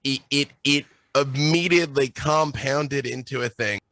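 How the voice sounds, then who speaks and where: Man, guest game master, casual chat, animated storytelling, playful, bright voice, dry sound. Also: medium pitch, no room sound. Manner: animated and playful, quick bursts with laughs.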